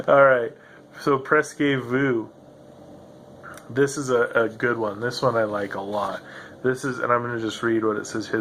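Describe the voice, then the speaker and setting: A man with a mid-range, fairly bright voice speaks at normal speed with fairly even intonation, hosting a rambling, loose, profane solo podcast and laughing often. He's in a room at home, where a grinding computer fan adds slight background noise.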